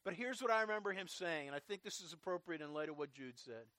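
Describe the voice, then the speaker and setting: A middle-aged man delivers an earnest sermon as pastor, his voice sitting a little high. The sound is dry and close, with no room around it. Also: lively intonation, quick pace, no room sound. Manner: earnest preaching, drops to quiet prayer.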